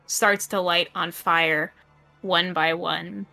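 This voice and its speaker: Bright-voiced woman narrating a tabletop game. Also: fairly low pitch, steady tone, vocal fry, faint music behind. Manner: explanatory, measured. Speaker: player.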